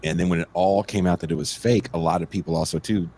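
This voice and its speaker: A man hosting a podcast, loud and joking, chatting casually and slipping into silly voices. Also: low voice, fairly even intonation, quick pace. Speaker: podcast host.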